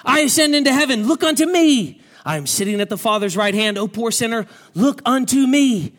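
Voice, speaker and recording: Man playing a gangly preacher who pleads loudly. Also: extremely high pitch, animated, a little fast, pitched above the performer's own voice. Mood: pleading. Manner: emphatic, repetitive, pleading. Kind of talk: dramatic quoted preaching.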